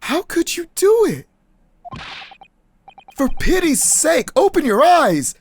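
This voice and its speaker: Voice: high voice, sing-song, takes it slowly, a little hiss or hum, voice pushed up, exaggerated voice. A player voicing an earnest young male law student in an exasperated, emphatic way. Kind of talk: let's play voice acting.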